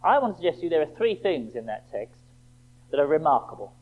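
A man preaching with a high, animated voice that rises and falls widely. He leans on rhetorical questions and reads scripture slowly and deliberately. The recording is thin and phone-like. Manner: emphatic, rhetorical questions, slow quoted scripture. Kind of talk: sermon. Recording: tinny phone-like band.

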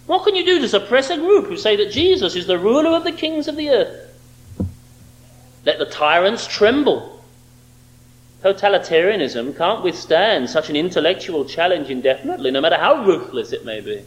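A man's voice: sits high, sing-song, moderate pace, rough recording. A man preaching a sermon, emphatic and fond of rhetorical questions.

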